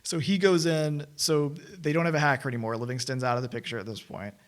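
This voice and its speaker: A man co-hosting a film podcast, recapping a movie in a lively, rambling way and laughing often. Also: mid-range voice, fast talker. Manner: enthusiastic, laughs often, restarts phrases. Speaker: podcast co-host. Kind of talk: casual film review chat.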